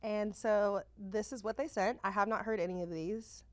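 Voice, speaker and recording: Lively, slangy woman podcast host. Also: mid-range voice, normal speed, dry recording. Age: 30s. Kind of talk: casual podcast chat.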